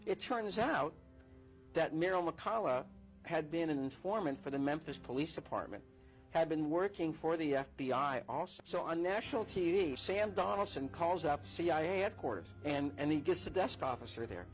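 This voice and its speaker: A man telling an animated anecdote, acting out the quoted exchanges. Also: on the high side, moderate pace, soft background music, rough recording. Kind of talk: storytelling.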